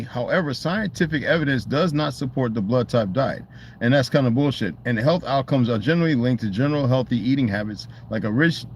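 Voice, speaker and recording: Rambling man with a faint background hum. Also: medium pitch. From United States. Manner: loose, meandering, swears freely, many restarts. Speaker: channel host. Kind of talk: casual rambling monologue.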